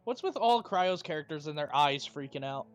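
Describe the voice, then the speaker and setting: A woman's voice: sits low, animated, normal speed, clean tone, soft background music. A woman on a game stream, teasing and joking in casual chat.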